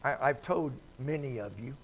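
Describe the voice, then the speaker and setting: A man's voice: mid-range voice, normal speed, gravelly, a little hiss or hum. A man preaching a midweek church Bible study in a folksy, conversational way, often putting questions to the congregation. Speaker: pastor. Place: church sanctuary.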